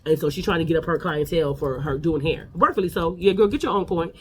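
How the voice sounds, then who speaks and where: Fast-talking sassy man, slightly high voice. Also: slight background noise. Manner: sassy, animated, talks straight to the viewers. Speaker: reality TV recap host. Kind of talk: casual gossip recap.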